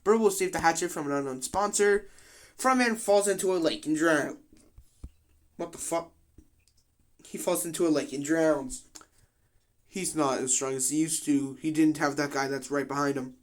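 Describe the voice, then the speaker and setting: A man's voice: on the high side, normal speed, long pauses. A young man giving casual commentary on a game simulation, slangy and full of swearing and joking asides.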